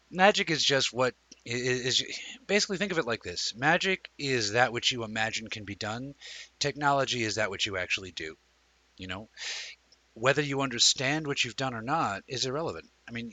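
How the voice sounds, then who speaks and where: A man hosting a live-streamed chat show, telling a rambling, animated story and talking with viewers. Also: mid-range voice, no echo, rough recording. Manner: reads out and answers viewer comments. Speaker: livestream show host.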